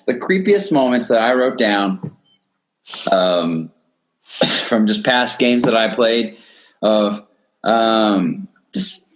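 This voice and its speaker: A young man in his twenties, co-hosting a casual chat, who rambles with many fillers and restarts and coughs now and then. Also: mid-range voice. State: has a cough. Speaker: co-host. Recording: loud music playing behind.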